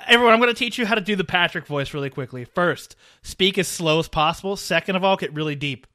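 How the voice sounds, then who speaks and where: A man's voice: sits high, fast, sharp tone, dry recording. Wry man co-host, dry close sound. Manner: wry, playfully contrary banter. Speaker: podcast co-host. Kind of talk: casual chat.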